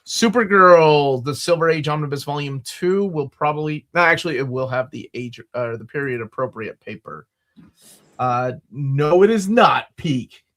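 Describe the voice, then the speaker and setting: A man hosting a casual panel chat about comics. He reads product listings aloud and breaks off into excited asides, with a plain mid-range voice. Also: medium pitch, moderate pace. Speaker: podcast host.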